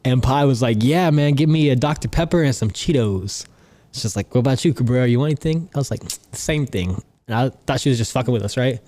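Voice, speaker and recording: Young comic guest, raw and profane, animated story delivery at a middle pitch. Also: male voice, brisk. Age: young adult. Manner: animated, laughs through his stories, swears constantly. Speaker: guest comedian.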